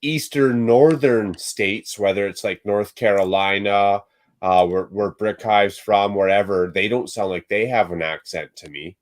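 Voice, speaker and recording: A Canadian man with a slightly low voice talks in loose, casual livestream chat. He is offhand and sure of his opinions, and he leans on fillers like "uh" and "you know". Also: a little slow.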